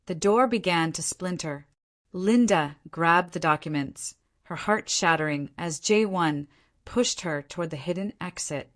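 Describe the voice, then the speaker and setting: A woman narrating a scripted romance story in a dramatic, measured way. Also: fairly low pitch.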